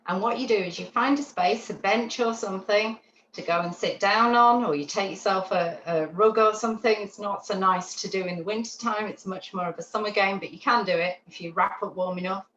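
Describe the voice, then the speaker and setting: Woman instructor, lively teaching manner, recorded over a roomy, muffled video call with faint hiss. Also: mid-range voice, fairly quick. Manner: chatty, animated, checks in with "yeah?". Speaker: dog training instructor. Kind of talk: online class teaching. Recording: roomy, dull lo-fi call audio with faint noise.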